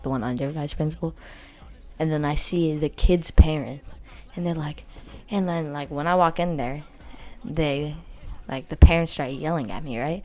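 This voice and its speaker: A teenage girl with a low-pitched, mellow voice tells a story-time vlog. Her speech is casual, rambling and blunt, even boastful, packed with constant "like" and other fillers.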